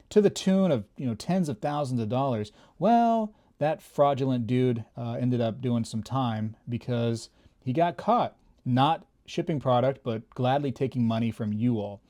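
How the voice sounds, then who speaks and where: Casting: male channel host, mellow, relaxed tone, chatty and emphatic, casual to-camera talk. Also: mid-range voice. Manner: chatty, fillers, emphatic warnings. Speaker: YouTube coin and bullion channel host.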